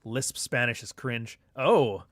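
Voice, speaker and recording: A man's voice: mid-range voice, animated, slow pace, a bit bright, no room sound, clean studio sound. A middle-aged man hosting a live show, chatting casually with viewers and reading their comments in a loose, profane, joking way. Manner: loose, profane, joking banter with frequent asides.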